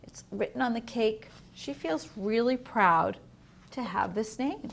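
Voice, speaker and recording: A woman teacher reads a picture book aloud for young children, gentle and explanatory. She pauses to ask questions. Her voice is fairly high and her pace unhurried. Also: lively intonation, creaky, a little hiss or hum. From United States.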